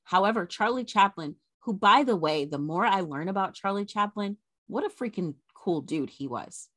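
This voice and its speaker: A woman's voice: medium pitch, expressive, moderate pace, fairly bright tone, no room sound. A woman co-hosting a podcast, animatedly retelling an old scandal with chatty asides. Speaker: podcast co-host. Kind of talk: casual history storytelling.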